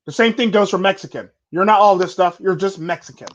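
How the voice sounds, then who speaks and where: A man's voice: high voice, quick pace, muffled recording. A man hosting a casual chat, talking bluntly and rambling with repeated stock phrases. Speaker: podcast host.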